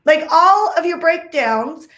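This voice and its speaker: Woman guest speaker, high voice, emphatic and repetitive, roomy video-call sound. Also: expressive, slow, a bit bright. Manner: emphatic, repeats phrases, many "like"s. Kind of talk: energetic summit talk.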